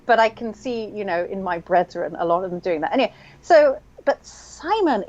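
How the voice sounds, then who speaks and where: A woman's voice: fairly high pitch, a little mellow. A woman co-hosting a game stream in casual chat, thinking aloud with lots of fillers. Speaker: stream co-host. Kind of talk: casual chat while playing online mahjong.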